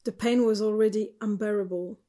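A woman narrating a novel in the first person, quiet, measured and sorrowful. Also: medium pitch, steady tone. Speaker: audiobook narrator.

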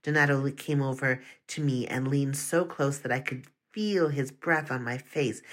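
Steady first-person story reader. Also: mid-range voice, normal speed, few pauses. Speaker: narrator.

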